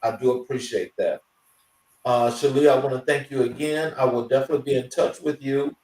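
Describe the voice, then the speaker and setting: A man hosting a talk show, wrapping up the episode in a halting way, full of fillers and restarts. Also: mid-range voice, darkish tone, reverberant, far from the mic, low-quality recording. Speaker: show host. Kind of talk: casual show wrap-up.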